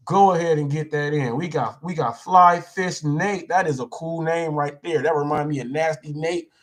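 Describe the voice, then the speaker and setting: A man hosting a live show, reading viewer comments aloud and chatting in a playful, repetitive, animated way. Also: a little high, normal speed. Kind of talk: casual live-stream chat.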